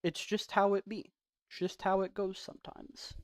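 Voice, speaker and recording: A man's voice: sits high, little pitch movement, moderate pace, no echo. A man streaming a game, chatting casually and rambling in a self-deprecating way. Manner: soft-spoken off stream. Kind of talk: casual livestream chat.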